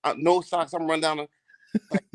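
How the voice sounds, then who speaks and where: A man's voice: a little high, little pitch movement, fairly quick, no echo. A man telling a long, profane story in casual podcast chat, laughing as he goes.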